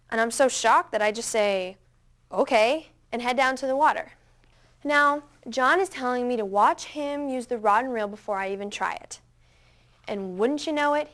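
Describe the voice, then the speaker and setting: A woman's voice: on the high side, fairly bright tone. Chatty, dramatic woman storyteller. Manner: chatty, dramatic, full of "like" fillers. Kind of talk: scripted first-person monologue.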